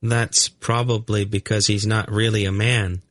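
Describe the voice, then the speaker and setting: A man voicing a calm, uncanny young boy who reads minds, in an audiobook. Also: on the low side, unhurried, no echo, clean studio sound, voice pushed up, lightly acted. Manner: calm, matter-of-fact explaining. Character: uncanny mind-reading blond boy, calm. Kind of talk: audiobook character voice.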